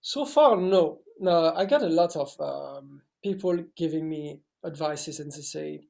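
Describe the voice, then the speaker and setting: A young man in his twenties from France, speaking English with a French accent in a halting interview style with many restarts. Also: on the high side, animated, vocal fry, a little mellow. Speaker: actor guest. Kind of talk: casual interview talk.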